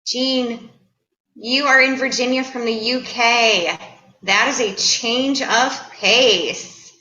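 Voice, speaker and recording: A middle-aged woman from the Chicago area, hosting a live stream and greeting viewers in a bubbly, excitable, chatty way. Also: on the high side, slow pace, muffled recording. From Chicago area, USA. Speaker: livestream host. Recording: echoey room.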